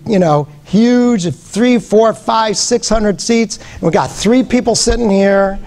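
A man, a guest professor, giving a lively interactive lecture to an audience, joking and calling on people. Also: high-pitched. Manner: lively, joking, engages the crowd directly. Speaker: guest speaker, education professor.

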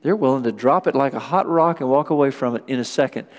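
A man preaching a sermon as pastor, lively and acting out quoted voices. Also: medium pitch, fast talker, long reverb tail. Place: church sanctuary.

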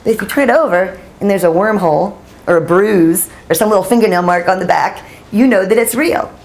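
A woman's voice: mid-range voice, a little fast, darkish tone. A woman in her forties, a journalist giving a storytelling talk to a room of listeners, chatty and self-deprecating, laughing often. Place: audience room.

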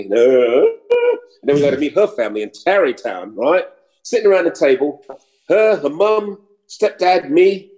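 Middle-aged New comic, chatty, animated raconteur. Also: male voice, fairly high pitch, rough recording. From New York. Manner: animated storyteller, slips into mock British voices. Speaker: actor and comedian guest. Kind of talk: casual interview chat.

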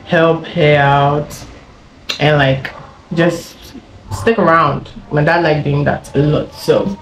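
A woman's voice: deep voice, steady tone, takes it slowly, slight background noise. Chatty young woman from Ghana. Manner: chatty, laughing, rambling with many fillers. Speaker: YouTuber. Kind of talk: casual story time. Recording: echoey room with faint ambience.

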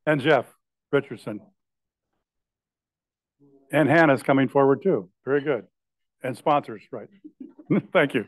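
A man's voice: medium pitch, unhurried, pauses often, no echo. A man presiding over a club meeting, making announcements in a loose, chatty way with joking asides.

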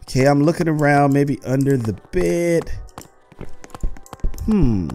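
Guy with a high voice playing a horror game, jumpy, talks to the viewers, faint music behind. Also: slow pace, long pauses. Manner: jumpy, talks to viewers, yelps and shouts when chased. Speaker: gaming host. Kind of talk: excited gameplay commentary.

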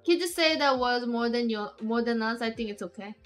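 Woman, high and sharp-toned, giggly rambling stream chat. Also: normal speed, faint music behind. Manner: rambling, giggly, lots of restarts. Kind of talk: casual live-stream chat.

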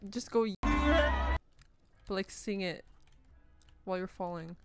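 A woman's voice: on the low side, measured pace. A woman streaming a shooter game, egging her teammates on with giggles. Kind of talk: casual gaming stream chat. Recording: music playing behind voice.

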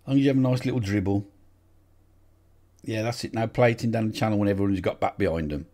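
A man's voice: on the low side, fast talker, warm tone. A man commentating on a football management game, swearing and urging on his players in casual chat.

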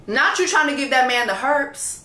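A woman reviewing a reality dating show, ranting loudly and profanely in casual commentary. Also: high-pitched, moderate pace, reverberant. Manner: loud, profane, animated ranting.

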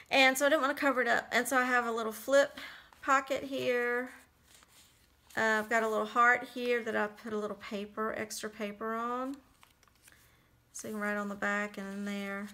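A woman casually talking through a handmade journal she made, chatty and relaxed with lots of little fillers. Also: mid-range voice. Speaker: crafter showing a handmade journal. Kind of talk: casual flip-through narration.

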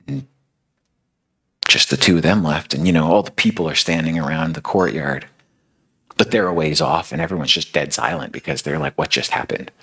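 A man's voice: deep voice, vocal fry, fairly bright tone, husky, low-quality recording. A man giving a sermon as a casual, conversational retelling of a story. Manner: casual, filler-heavy retelling. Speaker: speaker.

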